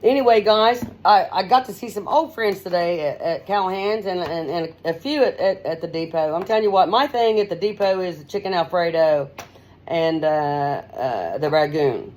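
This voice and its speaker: A middle-aged woman radio host giving a rambling, folksy straight-talk monologue, her pitch swinging up and down as she talks. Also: normal speed, a little mellow.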